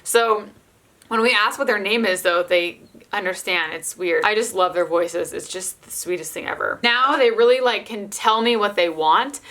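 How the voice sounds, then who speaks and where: A woman's voice: mid-range voice, moderate pace, a bit bright. A young adult woman, a mother of toddlers, chatting casually to camera and filling her speech with "like". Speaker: mother of toddler twins, vlogger.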